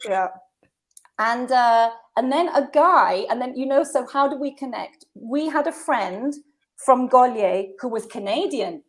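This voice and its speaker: A woman in her fifties, a guest telling stories in a casual conversation, animated and laughing often. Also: fairly high pitch, unhurried.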